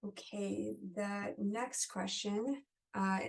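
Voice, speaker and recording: A woman's voice: mid-range voice, steady tone, very slow, vocal fry. A woman moderating an online webinar, answering audience questions in a friendly conversational way over a video call. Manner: conversational, friendly, apologetic asides. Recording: distant mic.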